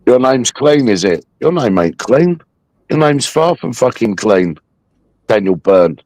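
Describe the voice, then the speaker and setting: A man's voice: medium pitch, sing-song, measured pace, darkish tone, no room sound. A man hosting a livestream, taunting a viewer in a mocking, aggressive rant full of swearing. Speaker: livestream host.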